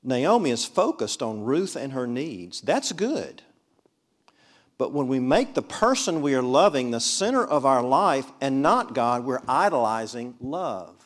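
In a classroom with a board, a Mississippi man leads a Bible study conversationally, frequently turning questions to the class. His mid-range voice is sing-song and a little slow.

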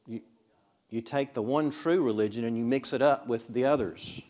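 A man leads a Bible study, his voice sitting at an everyday middle pitch. He talks in a loose, conversational way and keeps turning to the class with questions. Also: moderate pace, a little mellow. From Mississippi, USA. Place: classroom with a board.

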